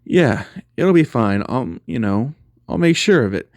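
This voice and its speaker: A man's voice: medium pitch, expressive, a little slow, darkish tone, no room sound, clean studio sound. A man voicing a blunt young woman. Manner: reassuring but blunt.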